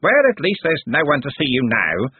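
Guy putting on a loud puffed-up candle keeper, high and bossy, husky, tinny phone-like sound. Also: wildly swooping pitch, normal speed, dry recording, full character voice. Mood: pompous. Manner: blustering, barking orders. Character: pompous bossy old male candle keeper.

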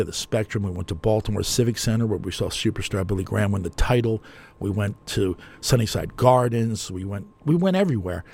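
An older man with a New Jersey accent, working as a radio host, spins a long, digressive story in a chatty, self-mocking monologue. His voice is lowish and creaky, a little mellow and slightly rough.

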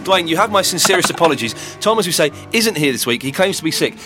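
A man hosting a podcast in casual chat, teasing and lively, often stumbling and repeating words. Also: a little high, fast, over music. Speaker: podcast host.

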